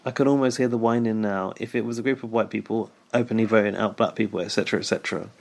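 A man's voice: fairly low pitch, steady tone, fast, vocal fry. A man co-hosting a podcast, reading listener emails aloud and answering them with dry, teasing remarks. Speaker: podcast co-host.

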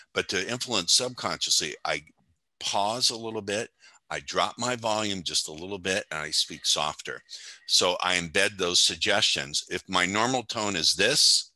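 An older man, a hypnotist guest on a podcast, explaining his ideas in a measured, confident way. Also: low-pitched, bright, forceful tone, dry recording. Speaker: hypnotist and motivational speaker guest. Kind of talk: podcast interview conversation.

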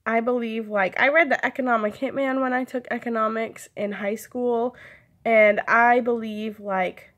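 A woman's voice: on the high side, fairly even intonation, moderate pace, a bit bright. A young woman chatting casually in a vlog, rambling and giggling, with lots of "like" and "um". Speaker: vlogger. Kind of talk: casual chat.

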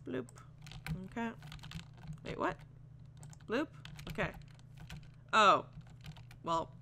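A woman's voice: mid-range voice, sing-song, drawn-out words, vocal fry, pushed and bright, slight background noise. A woman playing a video game and chatting casually through it, giggly, talking to the animals and slipping into silly voices. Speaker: video game let's player. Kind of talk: casual gameplay commentary.

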